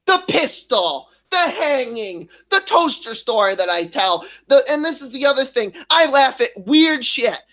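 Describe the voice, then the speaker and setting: A man in his thirties telling a painful personal story, swearing often, halting and restarting as he gets emotional. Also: extremely high pitch, big pitch swings, sharp tone. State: emotional, near tears at times. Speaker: streamer.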